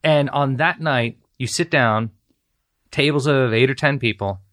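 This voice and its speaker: A man's voice: mid-range voice, a little slow. A male guest in a casual chat, speaking earnestly with many fillers and restarts. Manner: earnest, lots of fillers and restarts, warm praise.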